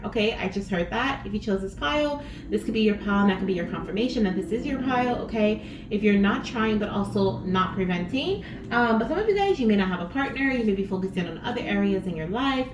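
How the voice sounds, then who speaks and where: A woman's voice: mid-range voice, slight background noise. Chatty woman card reader in a roomy space. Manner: chatty, warm-toned, ends phrases with a questioning "okay?". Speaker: spirit baby card reader and channel host. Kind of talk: casual spiritual card reading to viewers. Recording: roomy sound from a distant mic with faint ambience.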